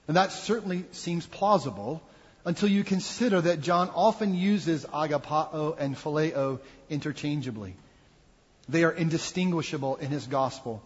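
A man's voice: fairly high pitch, animated, moderate pace, slightly rough. A man giving an earnest, reflective sermon as a pastor. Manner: earnest, reflective preaching with acted quotes. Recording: dull sound with long hall reverb.

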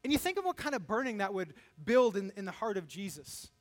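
A male pastor preaching a sermon, animated, acting out quoted voices as he teaches. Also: a little fast. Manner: animated, acts out quoted voices with rising pitch.

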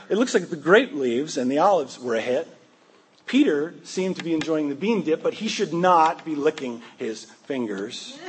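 A man's voice: fairly high pitch, a little hiss or hum. A male pastor preaching a sermon, retelling a Bible scene vividly and often restarting his words. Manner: vivid storytelling with frequent restarts. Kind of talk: sermon with dramatic storytelling.

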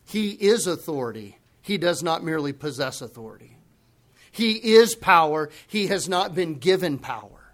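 Impassioned high-voiced male preacher. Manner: impassioned preaching, swinging from loud emphasis to hushed, grave asides. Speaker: pastor. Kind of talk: sermon.

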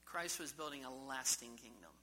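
A man's voice: medium pitch, moderate pace, pushed and bright, slightly rough, low-quality recording. A man preaching a sermon in a church service, emphatic and full of rhetorical questions to the congregation. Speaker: pastor.

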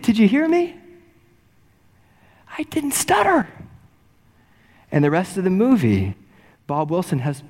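A man's voice: a little high, darkish tone, long reverb tail. A man preaching a sermon, telling a story and acting out quoted lines with rising emotion. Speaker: pastor.

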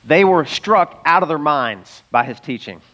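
A man with a fairly high voice preaches a sermon as a pastor. He talks to the congregation in a conversational, emphatic way and often laughs as he goes. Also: lively intonation, a little slow, bright, forceful tone.

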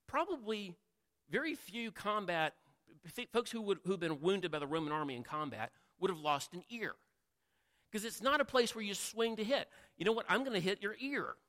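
A high, pushed, bright male voice preaches in a chatty manner, quizzing his listeners and dramatizing the quotes. Long reverb from a large hall colors the recording.

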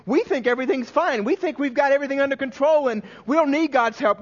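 A man preaching a sermon as a pastor, telling a personal story earnestly and emotionally, often dropping to a hushed voice, with frequent restarts. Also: very high-pitched, very animated, fast, hardly any pauses, lo-fi sound.

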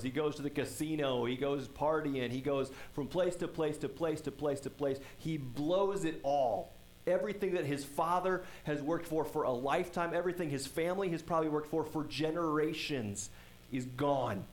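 A man's voice: medium pitch, darkish tone, a little hiss or hum, rough recording. A male pastor preaching a sermon, retelling a story conversationally with frequent tag questions.

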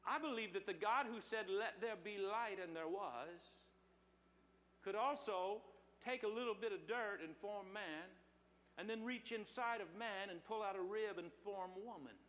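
Male pastor, middle-aged, high voice, sermon with call-and-response; long church reverb. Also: moderate pace, a bit bright, a little hiss or hum. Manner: preaching with call-and-response to congregation. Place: church sanctuary.

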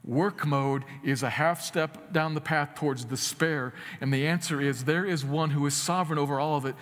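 A man preaching a sermon, earnest, swinging between loud emphatic lines and quiet asides. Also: fairly high pitch, steady tone, moderate pace. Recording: long hall reverb.

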